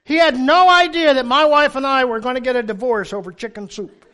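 Animated older man preaching a sermon. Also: extremely high pitch, fairly quick. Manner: animated, humorous storytelling with sudden loud emphasis. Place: church.

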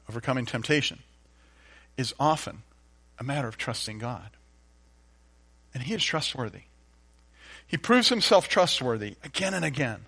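A man preaching a sermon, acting out a doubting believer's complaints and then answering softly with calls to trust God. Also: medium pitch, big pitch swings, normal speed, creaky, pauses often, husky. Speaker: pastor.

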